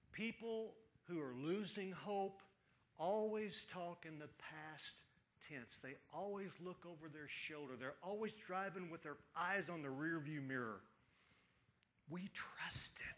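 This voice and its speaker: A pastor delivers an Easter sermon from a church pulpit, his voice set fairly high for a man. He builds to urgent runs of rising questions, then sinks to hushed single words. He speaks directly to the congregation throughout. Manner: preaching with rising emphatic questions and hushed drops. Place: church sanctuary.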